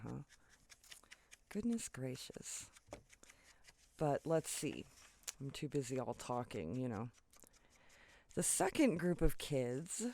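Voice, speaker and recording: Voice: mid-range voice, a little mellow, no room sound. Chatty, rambling crafting vlogger. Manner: rambling, chatty, full of "you know" and "right?" asides; laughs often while telling the story. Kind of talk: casual storytelling while crafting. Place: home basement.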